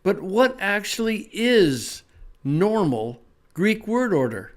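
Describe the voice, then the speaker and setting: A man teaching a short lesson in a measured way, stressing words to show emphasis. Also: sits high, sing-song, very noisy. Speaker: Greek teacher. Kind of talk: explanatory lesson.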